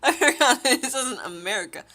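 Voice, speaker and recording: A woman's voice: sits high, animated, fairly quick, pushed and bright. A woman livestreaming a game, chatting with her viewers and laughing often. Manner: giggly, chatty, talks to chat. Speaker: streamer. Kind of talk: livestream gameplay commentary.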